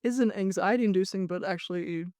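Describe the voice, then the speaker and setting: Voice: medium pitch, a little fast, a little mellow, dry recording. A podcast co-host muses aloud while building up to a question. The voice sits in a mid register, and the recording is dry and close. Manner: reflective, frequent short acknowledgments. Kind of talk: casual interview chat.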